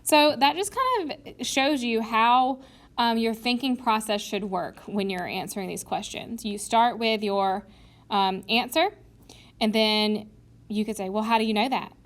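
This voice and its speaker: A woman teacher talks her students through a writing strategy in a recorded video lesson. Her voice sits a little high, and she explains patiently, step by step, voicing both sides of a made-up argument. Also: a little slow.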